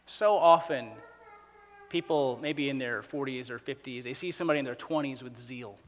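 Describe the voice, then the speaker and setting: A man preaching a sermon as pastor, dropping to near-hushed asides and rising to loud, emphatic, repeated phrases. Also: medium pitch, moderate pace, long reverb tail.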